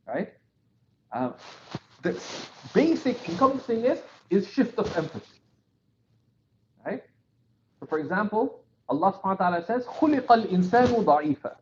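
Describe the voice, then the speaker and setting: A man teaching from a classical text, explaining step by step, often checking with "right?", and reading quoted passages in quick bursts. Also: high voice, a little mellow, dull audio, slight background noise. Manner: reads quotations in rapid bursts.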